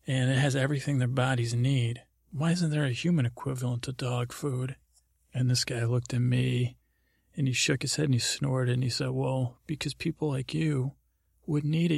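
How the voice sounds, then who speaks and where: A man spins a wandering tale on his podcast, stopping and restarting as he goes. His voice is deeply gravelly and a little husky, with a flat delivery that barely rises or falls. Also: dry recording, studio quality. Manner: meandering, halting, with many restarts and fillers. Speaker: podcast host. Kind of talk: rambling storytelling monologue.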